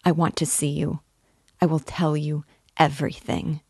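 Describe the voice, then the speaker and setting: A woman reading the lines of a timid, earnest young girl who speaks softly and hesitantly. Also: deep voice, little pitch movement, moderate pace, slightly rough, dry recording, clean studio sound. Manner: soft, hesitant, heartfelt.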